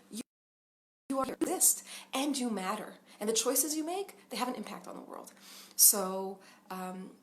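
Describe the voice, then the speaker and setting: A woman's voice: medium pitch, slight background noise. A woman in her thirties, a parenting coach, talking earnestly and casually with lots of fillers and little laughs. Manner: earnest, chatty, laughs often, many fillers. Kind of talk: casual talking-head advice.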